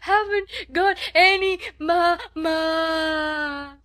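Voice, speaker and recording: Tiny spoiled girl bawling, way high and loud, sobs breaking up every word. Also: fairly even intonation, drawn-out words, exaggerated voice. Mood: wailing. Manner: howling, broken sobbing words. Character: small spoiled girl, wailing and sobbing.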